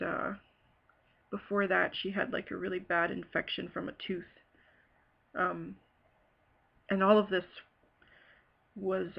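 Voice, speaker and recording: Gravelly, halting woman from Ohio. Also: on the low side, dull audio. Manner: halting, hesitant, many fillers. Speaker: bereaved sister telling her story. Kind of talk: personal testimony.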